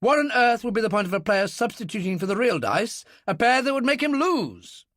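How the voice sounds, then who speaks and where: Guy doing a high huffy military old gent, clipped and cross. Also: very animated, a little fast, fairly bright tone, no room sound, studio quality, heavily acted. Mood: indignant. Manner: indignant, emphatic, clipped. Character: blustering military-looking older gentleman.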